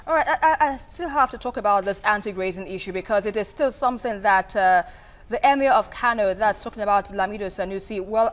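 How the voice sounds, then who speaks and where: A woman interviewing a governor on a TV news program, pressing him firmly with pointed questions. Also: fairly high pitch.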